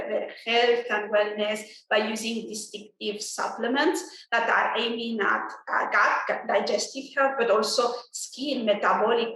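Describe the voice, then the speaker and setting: A woman speaking as an industry guest in a business interview, measured, with frequent fillers and restarts. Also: on the high side, sharp tone, heavy reverb, recorded from a distance, rough recording.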